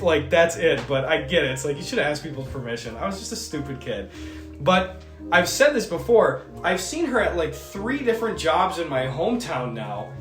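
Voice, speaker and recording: A man in his twenties chatting casually on a stream, telling a story in a rambling, animated way. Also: sits high, reverberant. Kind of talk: casual chat. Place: indoor streaming room.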